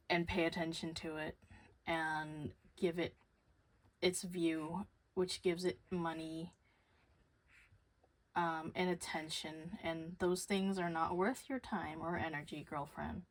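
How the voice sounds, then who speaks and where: A woman's voice: low voice, flat delivery, slow, pauses often. A young woman rambling casually to camera, swearing freely and losing her train of thought. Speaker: vlogger.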